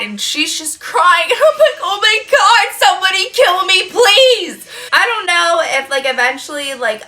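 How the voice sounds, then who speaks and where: A woman in her twenties, a freelance makeup artist, telling a client story in a chatty, profane, animated way while doing her makeup. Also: sits high.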